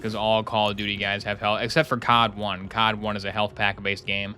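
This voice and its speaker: A man's voice: lowish voice, little pitch movement, fairly quick, sharp tone, faint music behind. A young man streaming a game, rambling and joking in casual commentary with sarcastic asides. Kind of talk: casual commentary while gaming.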